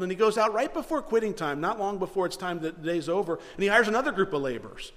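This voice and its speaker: This sermon comes from a pastor whose slightly bright voice runs a bit above most men's, moving quickly with few pauses. He preaches earnestly and conversationally, occasionally imitating those he quotes, as a long reverb trails through the hall.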